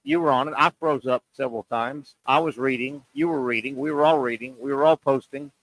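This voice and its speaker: On a low-quality recording, a sports talk show host speaks in a mid-range voice with a slightly bright tone. He argues through rhetorical questions, says his key lines more than once, and leans on pauses and drawn-out words to stress them.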